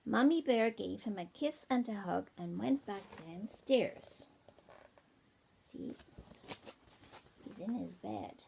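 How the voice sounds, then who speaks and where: Recorded on an iPad mini, a grandmother reads her grandchildren a bedtime story from a tablet at home, gentle and frequently whispering, stopping to question the children. Her mid-range voice is animated and slow, with vocal fry and frequent pauses. A little hiss or hum runs underneath.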